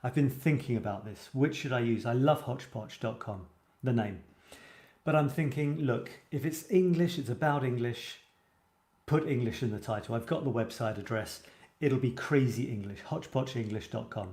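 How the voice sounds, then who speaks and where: A man's voice: medium pitch, moderate pace, a little mellow. A man hosting a live show about writing, chatting casually and reading viewers' comments aloud with enthusiasm. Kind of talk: casual live-stream chat. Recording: roomy echoey sound.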